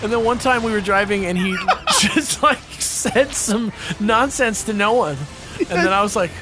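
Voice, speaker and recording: A man's voice: sits high, moderate pace, over music. A young man doing casual, jokey let's-play commentary, telling stories and laughing a lot. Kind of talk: casual gameplay banter.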